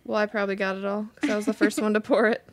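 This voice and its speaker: A woman's voice: medium pitch, flat delivery, racing, no echo. A woman co-hosting a podcast in casual chat, wry and teasing. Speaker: podcast co-host.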